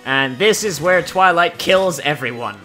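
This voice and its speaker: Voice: mid-range voice, lively intonation, a little slow, pushed and bright, faint music behind. A commentator giving casual, profane, sardonic reactions while watching a cartoon at a desktop computer. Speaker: video reactor.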